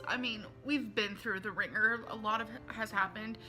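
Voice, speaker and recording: Bright-voiced woman vlogging earnestly. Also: a little high, fairly even intonation, moderate pace, hardly any pauses, faint music behind. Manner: earnest, emotional, reads messages aloud. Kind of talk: confessional vlog.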